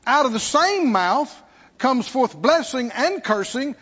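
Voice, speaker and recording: Preaching a sermon in a church sanctuary, a man calls out to the congregation and mockingly imitates worried believers. His very high voice has big pitch swings, a slow pace, a fairly bright tone and a breathy edge, on a dull lo-fi recording with long hall reverb.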